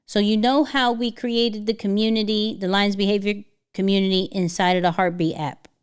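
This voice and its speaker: A woman's voice: medium pitch, fairly even intonation, moderate pace, clean tone. A woman hosting a livestream, talking in a chatty, slangy way. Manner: slangy, chatty, with fillers and restarts. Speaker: livestream host. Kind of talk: casual livestream talk.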